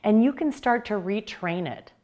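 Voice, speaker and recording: A woman's voice: medium pitch, animated, moderate pace, darkish tone. A woman hosting a self-help video, giving an upbeat motivational talk to camera built on personal anecdotes.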